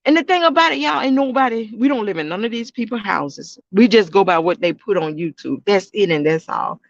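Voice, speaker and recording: High-voiced man, loose casual vlog talk. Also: fairly quick, creaky, no room sound, lo-fi sound. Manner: rambling, repeats himself, talks straight to viewers. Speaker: YouTube reaction channel host.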